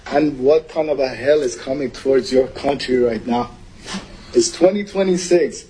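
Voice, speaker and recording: Husky guy from iran, higher voice, urgent and teary public comment. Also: a little mellow, rough recording. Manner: urgent, emotional, pleading. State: near tears.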